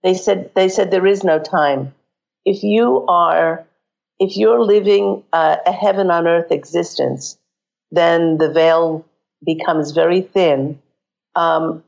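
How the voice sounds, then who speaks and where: A woman with a croaky voice giving psychic readings on a call-in radio show, earnestly guiding listeners through exercises. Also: lowish voice, darkish tone, muffled recording.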